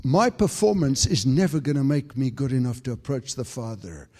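Fervent preacher man, echoing hall. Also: normal speed. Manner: fervent, builds to high excited peaks; frequent stammered restarts. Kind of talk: sermon.

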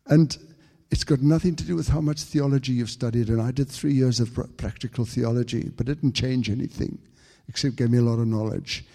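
A man preaching a fervent sermon to a congregation, stumbling over restarts as he builds to high, excited peaks. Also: brisk, creaky, big-room sound. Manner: frequent stammered restarts.

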